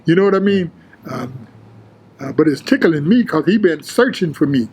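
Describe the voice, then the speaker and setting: An older man, an interview guest, telling prison and gym stories in a streetwise, profane, animated way, acting out the others' lines. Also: on the high side, moderate pace, breathy edge, low-quality recording. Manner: streetwise, profane, animated retelling with quoted voices. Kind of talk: casual storytelling.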